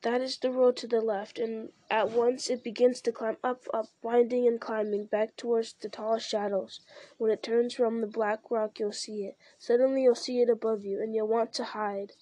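A woman's voice: a little high, flat delivery, normal speed, mellow, no room sound, natural voice. Gollum, a fawning wretched creature, as a woman reads him. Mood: wistful. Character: wretched groveling male creature, fawning and fearful. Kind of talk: audiobook character reading.

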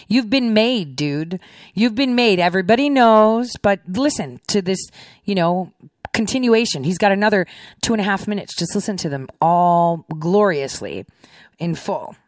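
A woman's voice: mid-range voice, no echo, clean studio sound. A woman hosting a show and giving political commentary on played clips, in a sarcastic way full of rhetorical questions. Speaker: podcast host.

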